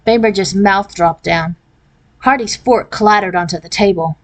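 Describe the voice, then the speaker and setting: A woman narrating a children's novel aloud in a clear, steady storytelling manner. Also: medium pitch, unhurried. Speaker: reader.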